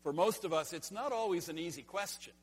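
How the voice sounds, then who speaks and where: A man's voice: high-pitched, fairly quick, breathy edge. A man preaching a sermon as pastor, earnest and rhetorical, repeating key phrases and asking the congregation questions. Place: church sanctuary. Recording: long hall reverb.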